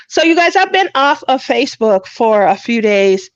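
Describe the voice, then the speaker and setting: A woman hosts a casual craft livestream, telling stories in a lively way and breaking into laughter often. Her fairly high voice comes through dry and close. The sound is a little dull and lo-fi. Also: moderate pace, few pauses, no echo. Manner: laughs often, animated storytelling.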